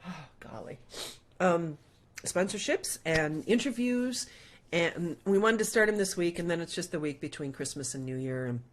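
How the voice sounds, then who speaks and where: A middle-aged woman hosting a casual livestream, reading out viewer comments and prayer requests in a chatty way with many fillers. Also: on the low side. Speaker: host.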